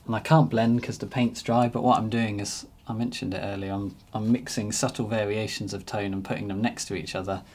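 Guy talking thru a painting demo, lowish husky voice, chill and thinking out loud. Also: fairly quick, few pauses. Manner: relaxed, thinking aloud while painting. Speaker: painting teacher. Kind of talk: painting demonstration narration.

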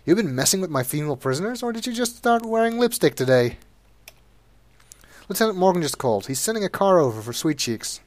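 Loud grumbling jailer in a cop adventure game, gruff and complaining, pitch pushed up as a man plays him. Dry, close sound. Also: very animated, fairly quick, no room sound.

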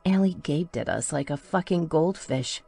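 A woman's voice: low voice, animated, moderate pace, vocal fry, mellow, husky, soft background music. A woman reading a first-person audiobook in an intimate storytelling manner. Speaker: audiobook narrator.

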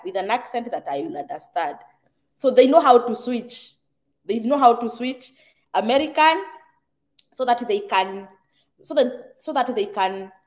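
A middle-aged Kenyan woman with a Kenyan accent and a slightly high voice hosts a relaxed live chat. She reads out viewer comments in a chatty way, laughing easily and slipping into Swahili phrases. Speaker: livestream host reading viewer comments.

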